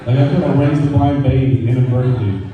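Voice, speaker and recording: A man's voice: mid-range voice, fast talker, narrow, tinny audio. A man doing a casual, swearing stand-up comedy set on stage at a brewery, with a dry mouth. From Mexican heritage. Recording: echoey room from far off.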